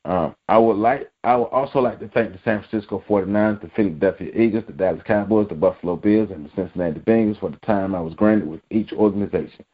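A man with a low voice runs casual sports talk commentary, blunt and slangy, circling back to hammer each point. The audio is dull and lo-fi, like a home recording. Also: fast talker, few pauses, husky. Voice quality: blunt, slangy, repetitive emphasis.

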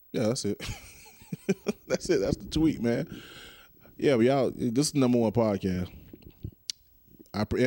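With a medium-pitched, slightly mellow voice, this young man runs his own podcast as a casual solo monologue. He wanders from thought to thought and jokes around with himself and whoever is listening, and there's no echo on the recording.

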